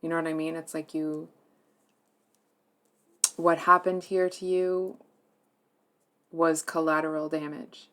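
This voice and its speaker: Low-voiced woman giving a tarot reading. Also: flat delivery, slow pace, long pauses. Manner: soft, hesitant, many fillers and restarts; earnest and emotionally moved. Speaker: tarot reader.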